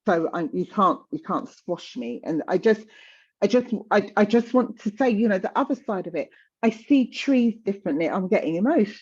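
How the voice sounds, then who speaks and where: A woman's voice: mid-range voice, animated, moderate pace, a little mellow, husky, muffled recording. A woman in her fifties talking candidly in conversation, passionate and emphatic, often repeating words for stress. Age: 50s.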